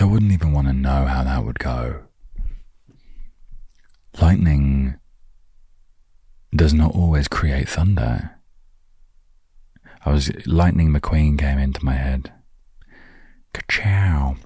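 A man's voice: very deep voice, warm tone, husky, no echo, studio quality. A man hosting a casual solo podcast, rambling with joking asides and trailing thoughts. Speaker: podcast host.

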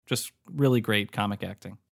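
A man co-hosting a podcast, talking in a quick, wry, joking way. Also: lowish voice, creaky. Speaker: podcast co-host. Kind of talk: casual chat.

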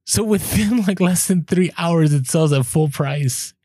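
A podcast co-host whose voice runs on the high side speaks unhurriedly in a casual chat, an animated storyteller who acts out quoted exchanges. Clean studio sound, no echo.

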